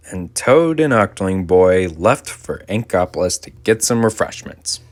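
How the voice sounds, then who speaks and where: A man narrating a storybook in an animated way, performing all the voices himself. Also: low-pitched, unhurried, few pauses. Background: music.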